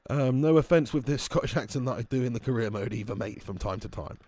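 A young man streaming a football video game, excitedly commenting, swearing at his players and greeting viewers in chat. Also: mid-range voice, moderate pace. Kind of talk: live game commentary and chat shout-outs.

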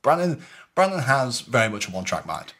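A man's voice: medium pitch, a little fast, husky. A man co-hosting a podcast, telling a weekend adventure in casual chat, swearing freely and acting out what people said. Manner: lively storyteller who swears freely and acts out quotes. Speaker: podcast co-host telling a story. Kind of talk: casual chat recounting a live-action role-play weekend.

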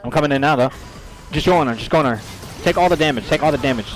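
A young man streaming a video game, loud and profane, trash-talking and yelling at his teammate. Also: fairly high pitch, very fast, soft background music. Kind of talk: casual gaming stream chat.

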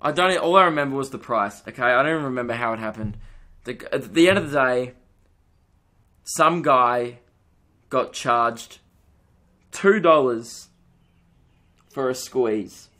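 A man's voice: mid-range voice, moderate pace, bright, forceful tone. A young Australian man hosting a solo comedy podcast, ranting with mock outrage and swearing.

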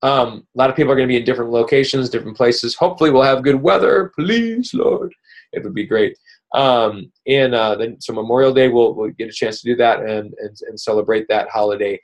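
A man's voice: medium pitch, a little fast. Upbeat rambling male team coach. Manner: upbeat, rambling, with many fillers and restarts. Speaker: team coach hosting a weekly call. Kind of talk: casual motivational coaching talk.

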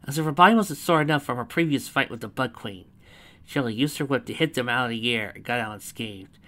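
A man narrates a fanfiction story with a bright, forward voice and a middle pitch. He breaks off now and then for chatty asides before returning to the narration. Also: fast. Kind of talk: reading fanfiction aloud with casual asides.

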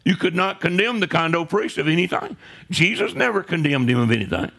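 A man preaches a sermon in a loose, conversational way, often pausing to check in with his congregation. His voice sits a little high and has a gravelly edge. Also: big pitch swings, pushed and bright. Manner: conversational preaching with frequent "right?" asides. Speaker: pastor. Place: church sanctuary.

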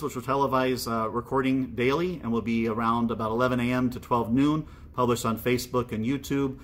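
Male parish priest, easygoing encouraging delivery, mid pitch. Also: fairly bright tone. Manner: friendly and encouraging, with tag questions to listeners. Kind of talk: casual pastoral video message.

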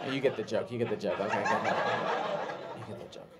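A man doing stand-up on a comedy club stage, awkward with deadpan asides. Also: lowish voice, fast talker, over a noisy crowd. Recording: live club audience noise.

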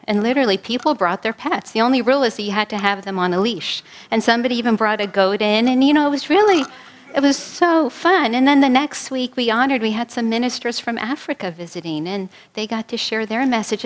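This is a woman on the high side, a minister from New York City, delivering a sermon that mixes a guided prayer with stories. Her praying is unhurried and soothing, and she perks up noticeably for the anecdotes.

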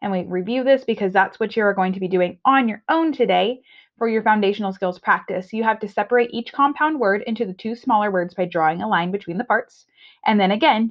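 Friendly woman teacher on a lo-fi recording. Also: medium pitch. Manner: friendly, explanatory, with frequent "okay"s. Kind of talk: remote reading lesson. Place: home. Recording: dull lo-fi recording.

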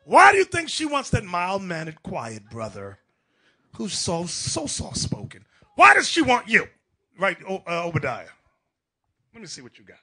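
A male preacher with a high, husky voice delivers an animated sermon. His pitch swings widely, and his tone is bright and forceful. He is emphatic and mocking, and he acts out the people in his stories. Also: moderate pace.

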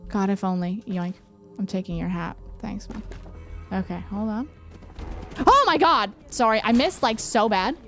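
A woman streamer giving casual gameplay commentary, excitable and sweary. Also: mid-range voice, normal speed, soft background music.

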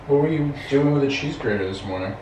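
Young man, lively pitch, reassuring, teasing, echoey room, loud background noise. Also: fast, recorded from a distance. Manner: soothing, teasing, keeps reassuring. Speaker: boyfriend in a prank video. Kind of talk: casual conversation.

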